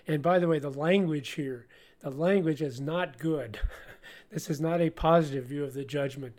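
A man co-hosting a Bible-study radio show, teaching in an animated way with frequent laughs and stumbling restarts. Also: fairly high pitch, moderate pace.

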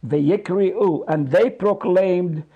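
A man's voice: sits high, breathy edge, narrow, tinny audio. A middle-aged man, a pastor, teaching a Bible study in an earnest, preacherly way, repeating phrases for emphasis and drawing out Hebrew words. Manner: explains Hebrew words slowly, drawing them out.

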